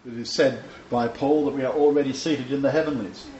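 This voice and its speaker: A man's voice: medium pitch, fairly even intonation, a little fast, a little mellow, echoey room, highs cut off, a little hiss or hum. A man teaching a Bible lecture to a small seated audience, emphatic and joking, with chuckling asides. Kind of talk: informal sermon lecture.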